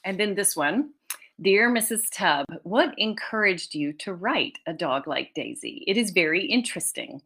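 A woman's voice: mid-range voice, expressive, moderate pace, creaky, sharp tone, husky. A woman children's author giving a conference talk over a video call, reading readers' letters, tearful and laughing often.

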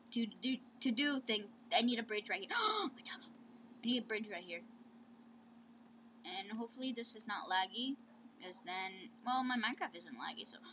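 A woman's voice: a little high, bright, forceful tone, a little hiss or hum. A woman hosting let's-play commentary, chatting to her pets with sudden squeals, close to a home mic. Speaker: gaming channel host. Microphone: close desk mic. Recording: dull lo-fi recording.

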